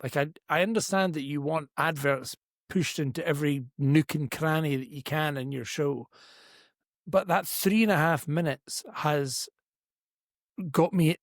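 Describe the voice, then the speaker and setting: A man's voice: on the high side, unhurried, vocal fry, no room sound, studio quality. A man co-hosting a podcast in casual chat, stammering through restarts as he gives his opinions. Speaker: podcast co-host.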